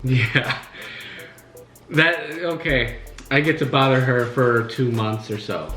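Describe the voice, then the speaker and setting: A man's voice: medium pitch, takes it slowly, sharp tone. Rambling man chatting in an echoey room. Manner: rambling, filler-heavy storytelling. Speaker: host. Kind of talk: casual chat while eating. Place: living room at home. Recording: echoey room, faint music.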